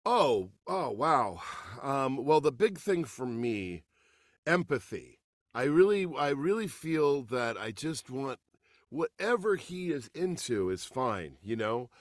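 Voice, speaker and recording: A middle-aged man and voice actor chatting as an interview guest, lively and prone to acting out quotes. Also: mid-range voice, slow pace, no room sound, clean studio sound. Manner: animated, slips into voices and shouts for quotes. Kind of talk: casual interview chat.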